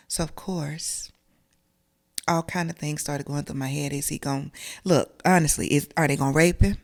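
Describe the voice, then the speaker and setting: A woman's voice: sits low, fairly even intonation, moderate pace, creaky. A middle-aged woman, from South Carolina, telling a personal story as an interview guest in an emotional, earnest, conversational way.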